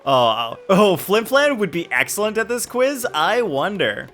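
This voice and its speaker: A man's voice: high voice, very animated, measured pace, fairly bright tone, faint music behind. A man streaming a game, chatting and joking playfully with his viewers. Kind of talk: casual livestream chat.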